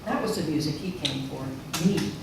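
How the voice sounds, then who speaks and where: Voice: medium pitch, moderate pace. A middle-aged speaker gives a personal storytelling sermon at a spiritual center, acting out remembered quotes. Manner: animated storyteller who acts out remembered quotes. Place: large church sanctuary. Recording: echoey hall from far off, noisy.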